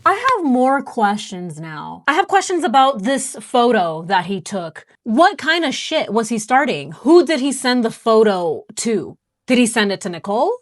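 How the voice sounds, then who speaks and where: A woman's voice: fairly high pitch, very animated, normal speed, few pauses. A woman hosting a true crime reaction show, talking through a clip and reading out search results with incredulous questions.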